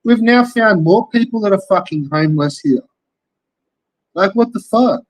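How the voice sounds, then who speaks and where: A man's voice: high voice, expressive, moderate pace, rough recording. An Australian man, a young adult, ranting in casual commentary, swearing constantly and rambling through rhetorical questions. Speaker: commentary streamer.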